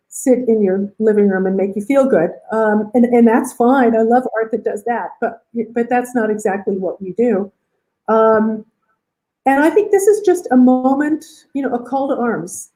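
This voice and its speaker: Mellow-voiced woman artist on a call. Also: a little high, poor audio. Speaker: guest artist. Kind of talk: casual video call interview. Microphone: video call.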